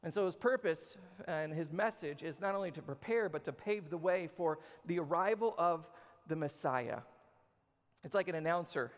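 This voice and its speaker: A man in his thirties preaching a sermon as a pastor, casual and joking, talking straight to his audience. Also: on the high side. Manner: conversational, jokey, talks to the audience. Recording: long hall reverb.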